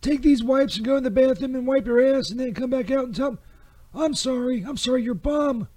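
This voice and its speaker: Field: comedy sketch. Figure: a man putting on a high, mellow Saint Peter, bumbling and crude. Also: a little fast. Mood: fumbling. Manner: stumbling, restarting, crude and sarcastic.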